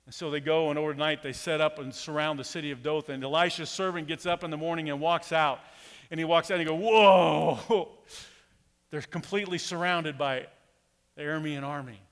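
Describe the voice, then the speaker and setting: A man's voice: a little high, fast talker, clean tone. A man preaching a sermon as a pastor, talking casually and telling a story animatedly. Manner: conversational, animated storytelling with acted quotes. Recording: long hall reverb.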